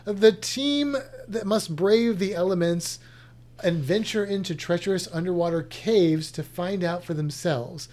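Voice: medium pitch, a little slow, darkish tone. Chatty skeptical science educator. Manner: skeptical, chatty, thinks aloud with restarts. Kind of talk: casual chat reacting to a show lineup.

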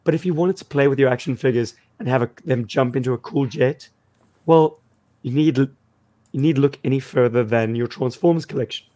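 A man with a croaky, slightly worn voice, talking casually as a podcast co-host. He tells his stories with enthusiasm, at an average pitch for a man. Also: brisk, dark tone.

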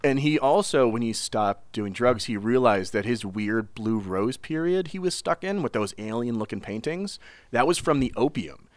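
A man co-hosts a podcast and tells a story casually, with lots of jokes. His voice sits at a middle pitch and sounds dry and close to the mic. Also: normal speed, dry recording. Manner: animated, jokey storyteller who acts out scenes. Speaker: podcast co-host.

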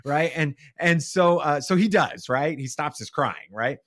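Animated man telling a story. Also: a little high, a little slow, no room sound, clean studio sound. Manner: animated, acts out quotes with shifting voices. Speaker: podcast guest; father. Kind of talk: casual storytelling.

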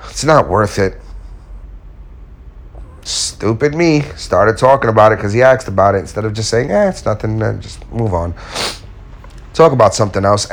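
A man speaking casually and candidly to his viewers, giving self-help advice and telling a personal story with acted-out quotes. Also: mid-range voice. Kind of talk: casual motivational talk to viewers.

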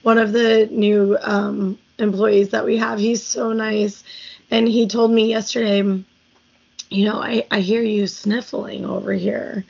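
A woman co-hosting a podcast in casual chat, hoarse after losing her voice, raspy and chatty, telling stories. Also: mid-range voice, level tone, measured pace, darkish tone, muffled recording. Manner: chatty storyteller, many "like"s. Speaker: podcast co-host.

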